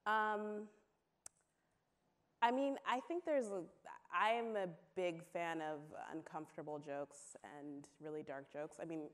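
A woman's voice: lowish voice, steady tone, a little slow. A woman on a panel before a live audience, speaking candidly and wryly with frequent laughs and restarts. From Connecticut, USA. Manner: wry, laughs often, trails into restarts. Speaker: panelist answering audience questions. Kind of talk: candid conversational talk on stage.

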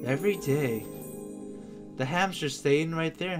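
A host giving casual reaction commentary, letting the pitch swing widely while keeping an unhurried pace. The voice is excitable and quick to exclaim. Background music plays clearly behind.

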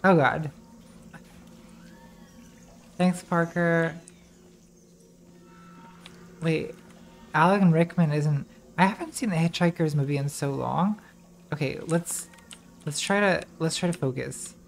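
A woman's voice: low voice, slow, long pauses, a little hiss or hum. A woman streamer giving casual, rambling commentary while playing a game, distracted and swearing as she talks to herself.

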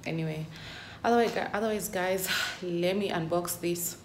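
A woman's voice: fairly low pitch, fairly even intonation, normal speed, a little mellow. A young woman vlogging casually at home, ranting in exasperation with lots of emphatic "literally". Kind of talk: casual vlog monologue. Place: indoors at home. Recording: echoey room, faint ambient noise.

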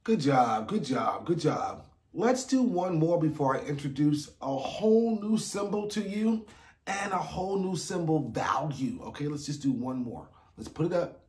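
A man's voice: on the high side, very animated, moderate pace, a little mellow, reverberant. Encouraging man teaching music theory. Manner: upbeat and encouraging, counting beats aloud. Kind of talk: online music theory lesson.

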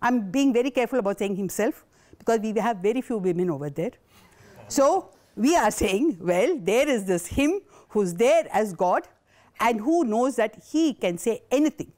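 A woman's voice: on the high side, expressive, normal speed, a little mellow. An older woman, giving a passionate, indignant conference talk. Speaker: invited speaker.

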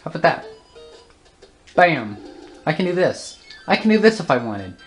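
A woman's voice: deep voice, sing-song, normal speed, soft background music. A woman giving casual commentary while playing a video game, often flustered and groaning at it. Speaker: let's play host.

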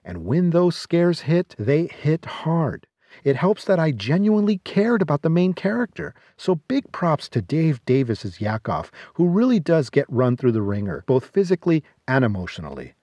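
A man reads his film reviews from a script in a fairly high, lively voice, dropping in dry jokes along the way. He is close to the mic in a dead, dry space. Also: normal speed, dry recording, highs cut off. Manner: sardonic, jokey asides. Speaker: podcast host.

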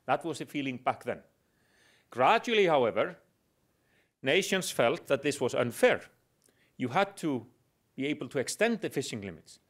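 A man's voice: medium pitch, very animated, normal speed, long pauses. Man giving a dry-humored lecture. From Iceland. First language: Icelandic. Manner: explanatory with dry humor, hesitant fillers. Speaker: guest lecturer. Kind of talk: public lecture.

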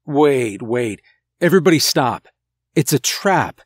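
A man's voice: medium pitch, lively intonation, a little slow, dry recording. A man voicing a commanding boy who takes charge of his friends, giving urgent orders. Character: bossy, take-charge boy, group leader.

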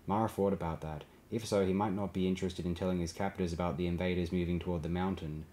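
A man narrating an audiobook in a steady, low-key reading. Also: fast talker, hardly any pauses, a little hiss or hum. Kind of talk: scripted narration.

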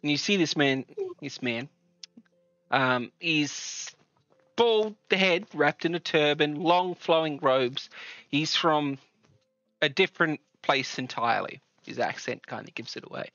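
A man running a tabletop game as game master, telling the scene in a relaxed way with many fillers. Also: fairly high pitch, unhurried, no room sound, dull audio.

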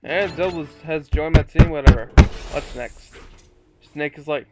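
A teenage boy casually commenting on his video game play, goofy and excitable, swearing and breaking into silly shouts. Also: medium pitch, moderate pace. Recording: loud game music under voice. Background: video game music.

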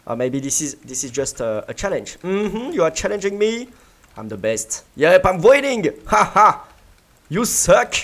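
A gaming video creator giving playful let's-play commentary, full of yelps, giggles and mouth sound effects. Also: medium pitch.

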